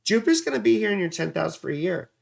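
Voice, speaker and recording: Male astrology streamer, gravelly, slightly high voice, meandering and profane. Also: sing-song, fast. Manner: rambling, distracted, swears casually. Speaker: astrology livestream host. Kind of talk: casual livestream astrology reading.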